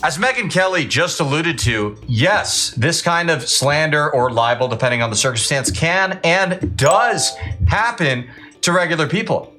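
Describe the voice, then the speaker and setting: A man with a fairly high, bright, forceful voice delivers opinionated political commentary. He sounds blunt and scornful. Faint music plays under his voice. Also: lively intonation, measured pace.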